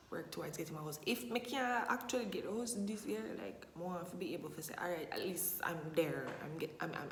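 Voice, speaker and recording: A young woman, chatting animatedly and emphatically in a casual Q&A vlog, repeating phrases for effect. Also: lowish voice. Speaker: vlogger. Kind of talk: casual Q&A monologue. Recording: echoey room with long reverb, faint hiss.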